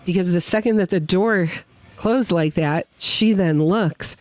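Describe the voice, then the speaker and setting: Speaking unhurriedly in a lowish voice, a woman guest witness on a podcast shares a heartfelt personal story at a winery. She animatedly performs the quotes of the people involved, in a dry recording.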